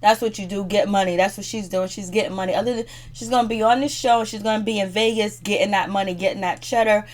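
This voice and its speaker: A woman's voice: mid-range voice, fairly even intonation, fast, hardly any pauses. A woman casually recapping a reality TV episode, chatty and slangy, laughing often as she talks. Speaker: show reviewer.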